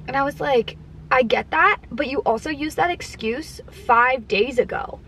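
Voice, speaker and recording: A woman vlogger chatting from her car, retelling a frustrating customer service story in an exasperated, animated way with quoted dialogue. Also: sits high, unhurried, a little hiss or hum. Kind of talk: casual storytime chat. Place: parked car. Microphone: camera mounted in car.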